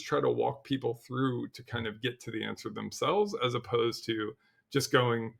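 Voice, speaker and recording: Podcast guest, middle-aged man, gravelly voice, mid-range pitch, loose storytelling with lots of restarts. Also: normal speed. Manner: animated storyteller, acts out quotes, frequent "like" and restarts. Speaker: podcast guest, cybersecurity leader. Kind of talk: casual interview chat.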